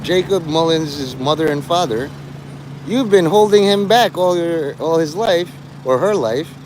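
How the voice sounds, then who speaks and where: A man's voice: high voice, noisy background. A man livestreaming to his chat, rambling and teasing people in crude, mocking talk.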